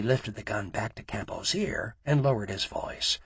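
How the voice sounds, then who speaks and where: A man narrating an audiobook with a raspy, gravelly voice. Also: fairly low pitch, animated, normal speed, hardly any pauses, no echo.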